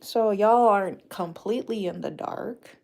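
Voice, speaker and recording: A woman's voice: medium pitch, unhurried, creaky, background noise. A woman hosting a casual livestream chat from a dim room at home, talking frankly in a rambling way and swearing casually. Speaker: livestream host.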